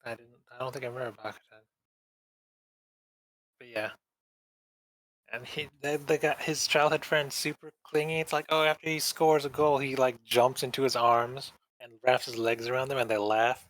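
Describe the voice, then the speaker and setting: A man's voice: mid-range voice, steady tone, normal speed, fairly bright tone, poor audio. A man co-hosting a casual podcast chat, rambling in slang and briefly mimicking characters in exaggerated voices. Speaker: podcast co-host.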